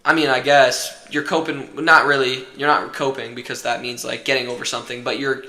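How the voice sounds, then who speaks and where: A man's voice: mid-range voice, flat delivery, fairly quick, bright, forceful tone, roomy sound. A young man in casual podcast chat, rambling and swearing a lot with constant fillers.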